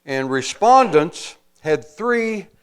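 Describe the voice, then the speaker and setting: A man preaching a sermon as pastor, slow and emphatic, pausing often and adding folksy asides. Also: high-pitched, lively intonation, clean tone.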